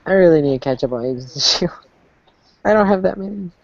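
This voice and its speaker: A woman's voice: fairly low pitch, expressive, fast, creaky, dry recording. A woman co-hosting a casual TV recap over a call, laughing and exclaiming. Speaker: podcast co-host. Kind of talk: casual chat recapping a TV episode. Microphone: remote call. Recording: dry dull lo-fi call audio.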